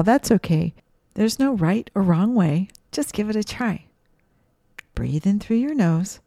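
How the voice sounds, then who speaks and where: A woman gently leading children through a breathing and mindfulness meditation, asking soft questions. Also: medium pitch, lively intonation, no room sound, studio quality. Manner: slow, soothing, gently questioning. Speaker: mindfulness teacher for kids.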